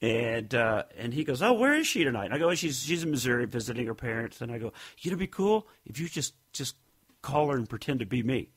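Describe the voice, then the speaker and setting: A man's voice: medium pitch, expressive, a little fast, slightly rough. A man co-hosting a casual podcast, telling rambling stories and acting out what people said. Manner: rambling storyteller, acts out quotes. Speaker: podcast co-host. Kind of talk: casual chat.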